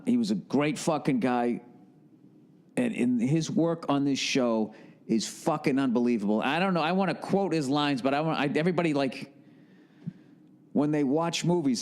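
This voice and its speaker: A man hosting a podcast in a rambling, casual monologue, talking bluntly and profanely in an animated way. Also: medium pitch. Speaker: podcast host.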